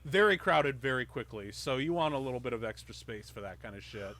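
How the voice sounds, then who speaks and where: Excitable man with a bright voice. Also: medium pitch, brisk, slight background noise. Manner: excited, swears casually, laughs often. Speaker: podcast host. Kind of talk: movie commentary chat.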